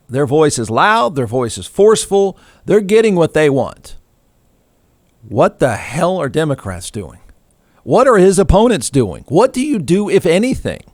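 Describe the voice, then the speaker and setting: A snarky middle-aged male talk show host delivers a sarcastic, mocking monologue, his slightly high voice leaping up when he gets worked up. The sound is close and dry, with no room in it. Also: no room sound. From Texas. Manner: sarcastic, mocking, animated rants with sudden pitch jumps. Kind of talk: snarky political commentary monologue.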